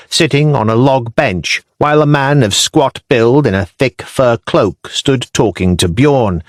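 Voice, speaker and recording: A man reading a historical audiobook in measured, descriptive storytelling, recorded on a close studio mic. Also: medium pitch, no room sound. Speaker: audiobook narrator. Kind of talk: scripted narration.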